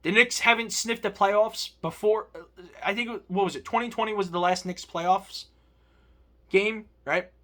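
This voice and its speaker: A male vlogger with a high, bright, forceful voice, ranting to camera in a heated and profane way. His delivery is emphatic and heated, full of blunt insults aimed at other fans. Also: unhurried. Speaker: sports vlogger. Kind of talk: profane fan rant.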